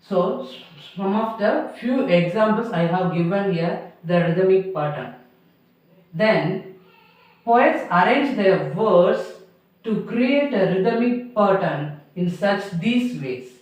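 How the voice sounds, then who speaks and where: A man with a high voice teaches slowly, going over each point twice in simple, uneven grammar. The recording is heavily echoey, as if from a bare room. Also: expressive. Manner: slow, repeats each point twice, non-native grammar. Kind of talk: classroom lecture. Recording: roomy echo, mic far off.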